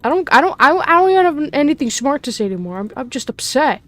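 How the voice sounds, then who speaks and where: A woman's voice: high voice, sing-song, fast. A young woman giving gameplay commentary, ranting with exasperation, swearing and stumbling over repeated words. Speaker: gamer.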